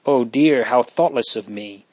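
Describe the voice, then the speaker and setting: A man's voice: mid-range voice, measured pace, darkish tone, no echo, natural voice. Male reader doing an earnest young noble boy, storybook, dry close sound. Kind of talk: audiobook reading.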